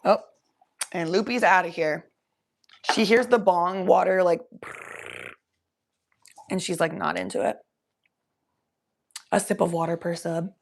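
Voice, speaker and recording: A woman's voice: lowish voice, fairly even intonation, a little slow, creaky, long pauses, a little hiss or hum. A woman from the US Midwest, chatting casually on a livestream in a loose, swearing, talkative way. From Cincinnati, US Midwest.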